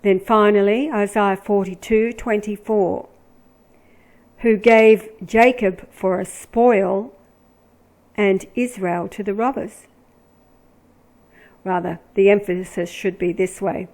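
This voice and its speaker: A woman speaks in a mid-range voice, giving religious commentary as she reads verses aloud. Her pace is slow and measured. She stretches key words for emphasis. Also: medium pitch, steady tone, darkish tone, rough recording. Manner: deliberate, emphatic, drawing out words when reading verses. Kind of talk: scripture-reading commentary.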